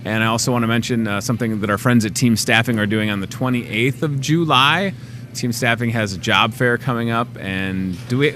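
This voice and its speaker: Male local TV host, bright tone, joking chatty delivery. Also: mid-range voice, slight background noise. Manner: chatty, joking, self-mocking. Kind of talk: casual on-air chat.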